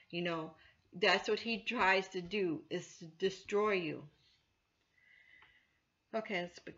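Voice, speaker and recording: A woman's voice: medium pitch, sharp tone. A woman church elder teaching from the Bible in an informal, earnest way, full of "you know" fillers. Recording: dull lo-fi recording.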